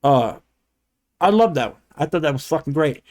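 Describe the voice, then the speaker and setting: A man co-hosting a podcast, ranting in casual debate chat, animated and profane, laughing as he rambles. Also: fairly high pitch, moderate pace. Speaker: podcast co-host.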